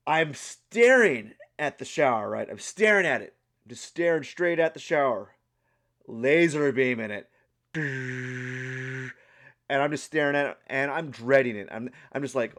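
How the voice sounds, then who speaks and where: Rambling, animated young man telling a story. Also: mid-range voice, slow, pauses often. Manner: animated and rambling, with many restarts and fillers. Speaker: art channel vlogger. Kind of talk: casual vlog storytelling.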